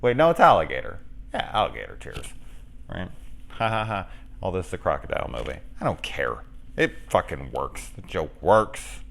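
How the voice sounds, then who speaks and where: A man's voice: deep voice, sing-song, fairly quick, gravelly. A man reviewing a film in casual, rambling, joking chat, swearing freely. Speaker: movie reviewer.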